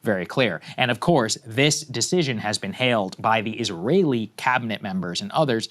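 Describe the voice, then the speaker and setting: Sardonic low-voiced male news co-host. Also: a bit bright. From Texas. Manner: sardonic, blunt, jumps up in pitch for emphasis. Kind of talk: casual political commentary.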